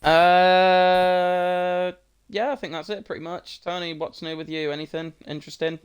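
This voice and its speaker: Young co-host guy, sarcastic and teasing, smooth clear voice a bit high. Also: level tone, unhurried. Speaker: podcast co-host. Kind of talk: casual podcast banter.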